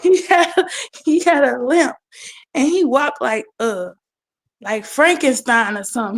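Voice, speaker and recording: A woman's voice: fairly high pitch, normal speed. A woman in her forties telling a rambling story with frequent giggles, in a casual chat.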